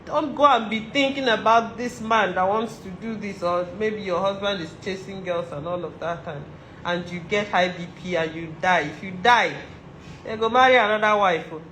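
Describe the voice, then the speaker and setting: This Nigerian-accented vlogger speaks to women in an earnest motivational monologue, pressing her points again and again for emphasis. Her mid-range voice has a fairly bright tone and a moderate pace. The audio is poor and roomy, with a little noise behind her.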